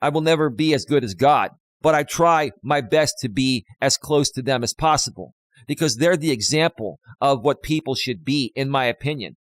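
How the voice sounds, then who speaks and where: A man's voice: mid-range voice, moderate pace, no room sound. An impassioned man talks on his live stream as a life coach, preaching and repeating his points. His voice sits mid-range for a man. The sound is dry and close, with no room in it.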